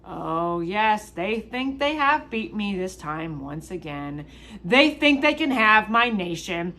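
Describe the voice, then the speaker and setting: At a medium pitch and very animated, a woman with a sharp tone voices God in the first person for a prophetic proclamation. Drawn-out, emphatic declarations alternate with repeated rhetorical questions.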